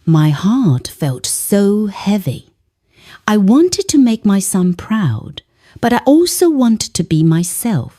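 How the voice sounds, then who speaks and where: A woman telling a first-person story with scripted narration, in a gentle, heartfelt and expressive way. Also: mid-range voice, takes it slowly.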